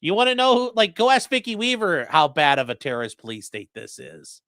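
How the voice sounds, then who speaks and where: A streamer giving casual legal commentary and reading chat, blunt, profane and mocking, swinging between loud outbursts and low muttering. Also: very animated, a little fast, no echo, studio quality.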